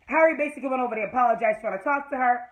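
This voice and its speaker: Animated woman gushing over a TV episode. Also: a little high, racing, narrow, tinny audio. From Jamaica. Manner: animated, gushing, swears freely, loud squeals of delight. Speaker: TV episode reviewer. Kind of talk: excited casual episode recap.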